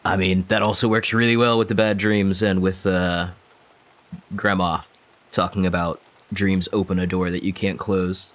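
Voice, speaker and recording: A man playing a tabletop horror game, halting and full of fillers. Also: sits low, little pitch movement, fairly bright tone. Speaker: player. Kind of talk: tabletop role-play.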